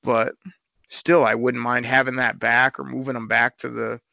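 A man co-hosting a casual sports talk show, breaking down a game in an animated, frustrated way. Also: mid-range voice, normal speed, creaky, no room sound, lo-fi sound.

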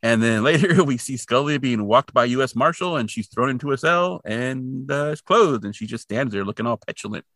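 A man's voice: mid-range voice, fairly quick, few pauses, dry recording, studio quality. A man co-hosting a podcast, chatting casually and sarcastically while recapping an episode and acting out the characters' lines. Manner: animated, sarcastic, acts out quotes. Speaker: podcast co-host.

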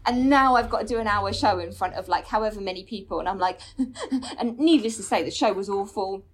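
A woman comedian, a guest on a podcast, chatting casually and telling an animated story with lots of fillers and the odd swear word. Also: medium pitch, brisk, slightly rough.

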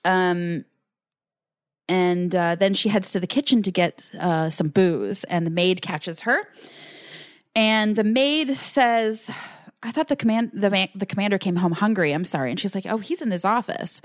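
A woman's voice: medium pitch, unhurried, dry recording, studio quality. A woman co-hosting a podcast, casually recapping an episode and acting out quotes between fillers. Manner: recounts scenes with acted-out quotes, many fillers. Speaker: podcast co-host.

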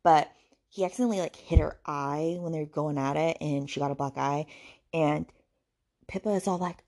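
Woman, warm tone, low-pitched, exasperated, sarcastic, swearing, book rant. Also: moderate pace. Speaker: podcast host reviewing books. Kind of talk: ranting book review.

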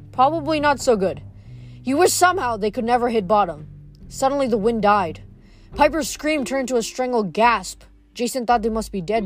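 A woman reads a novel aloud in a fairly high voice, steady, with small slips and restarts along the way. Faint music sits behind her. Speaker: book reader.

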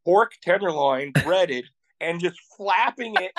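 A man from Iowa, a podcast guest, telling travel stories in an animated, excitable way and laughing often. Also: sits high, slow pace. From Iowa, USA. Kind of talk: casual interview storytelling.

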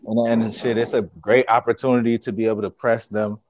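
A man's voice: mid-range voice, little pitch movement, a little fast, noisy background. A man speaking as a guest in a casual podcast chat, emphatic and rambling. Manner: emphatic, rambling, lots of fillers.

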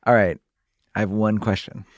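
A man's voice: on the low side, flat delivery, normal speed, no room sound, studio quality. Teasing man in playful banter. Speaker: podcast host. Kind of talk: casual banter.

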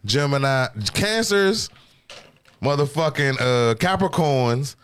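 A man in his forties from Washington, D.C., hosting a podcast in casual chat, telling loud, profane stories with laughing asides. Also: on the high side, lively intonation, slow pace, clean tone. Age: 40s. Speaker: podcast host.

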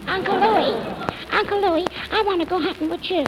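A woman's voice: very high-pitched, moderate pace. An actress voicing a bratty, wisecracking little girl of three and a half in a 1940s radio comedy, full of sassy comebacks, on a noisy old broadcast recording. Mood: cheeky.

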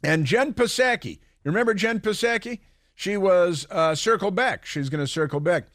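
A man's voice: sits high, animated, moderate pace, fairly bright tone, no room sound, studio quality. A man hosting a political talk radio show, rambling and sarcastic, with mocking asides.

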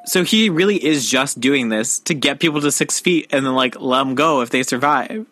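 Young guy bright sharp voice, casual podcast chat, animated recaps, dry jokes. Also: medium pitch, moderate pace, dry recording. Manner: animated retelling, dry quips. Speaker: podcast co-host. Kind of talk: casual book-club chat.

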